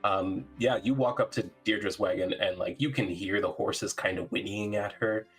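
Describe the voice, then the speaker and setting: A man narrating as game master of a tabletop game, relaxed and full of fillers. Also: on the low side, moderate pace, breathy edge, faint music behind.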